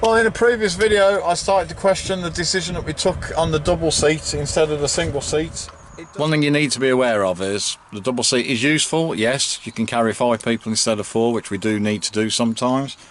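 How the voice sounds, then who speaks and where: A man's voice: a little high, steady tone, fairly quick, a little hiss or hum. A man narrating a family campervan trip in a casual, practical way, joking lightly with his children. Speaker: family travel vlogger.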